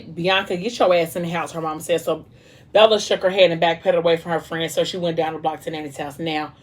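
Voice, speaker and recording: A young woman vlogger casually retelling a book's plot, acting out the characters' lines with lots of slang and drama. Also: on the low side. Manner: animated, dramatic retelling with quoted dialogue and slang. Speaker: mukbang vlogger retelling a book. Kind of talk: casual storytelling chat.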